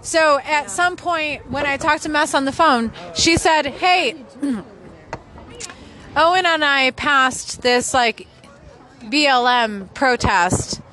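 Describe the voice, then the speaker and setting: A woman's voice: high-pitched, takes it slowly, sharp tone. A woman telling a story emphatically with lots of fillers, chatting with friends on an outdoor patio. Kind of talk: casual chat.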